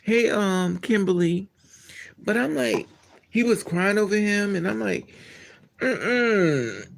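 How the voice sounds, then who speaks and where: Blunt, creaky-voiced man chatting live. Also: high-pitched, a little slow. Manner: blunt, candid and animated, laughing and trailing off. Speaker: live-stream host answering chat. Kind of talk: casual live-stream chat.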